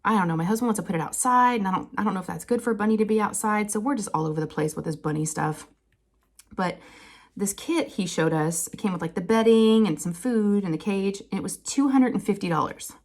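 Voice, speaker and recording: A woman, chatting casually to her viewers and telling an animated family story with frequent laughter. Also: fast. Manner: chatty, animated, laughs often, quotes people in higher voices. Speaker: crafting channel host.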